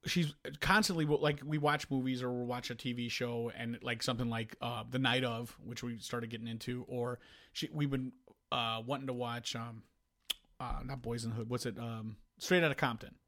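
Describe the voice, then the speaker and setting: A man co-hosting a podcast, chatting casually and telling rambling, animated stories with many restarts. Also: medium pitch, moderate pace. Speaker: podcast co-host. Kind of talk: casual chat.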